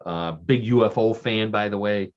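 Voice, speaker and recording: This man's lowish, darkish voice moves at a moderate pace as he chats casually on the radio, where he's a regular guest. He tells offbeat stories with lots of fillers and restarts, laughing along at his own jokes, and the sound is dull and lo-fi.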